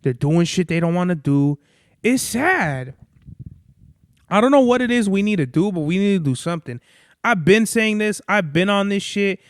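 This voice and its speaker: A young man with a high, smooth voice talks through a casual podcast monologue. He rambles, swears freely and loses his thread now and then. The sound is dry and close, with no room in it. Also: animated, normal speed, dry recording. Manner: rambling, profane, loses his train of thought. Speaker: podcast host.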